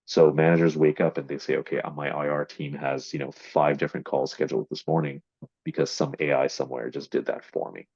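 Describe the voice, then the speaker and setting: A man's voice: extremely low pitch, level tone, fairly quick, darkish tone, breathy edge, dry recording. A man explaining AI marketing in a business discussion, with many fillers and repeated words. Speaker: AI investment marketing executive. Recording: dull, dry lo-fi audio.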